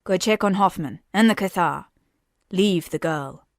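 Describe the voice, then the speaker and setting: A woman's voice: lowish voice, a little slow, no echo, studio quality. A woman voicing a stern male enforcer who speaks in clipped, authoritative orders.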